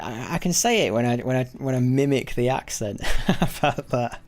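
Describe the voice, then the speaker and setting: A man's voice: mid-range voice, lively intonation, moderate pace, faint music behind. A man giving casual live commentary while playing a game, rambling and correcting himself as he goes, sometimes muttering to himself. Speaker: gaming livestreamer.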